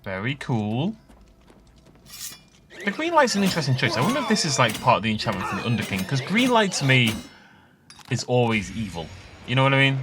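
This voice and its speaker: A man's voice: mid-range voice, huge pitch swings, fairly quick, pauses often, music in the background. A man casually commentating on his gameplay, chatty and rambling, laughing often. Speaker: let's play host.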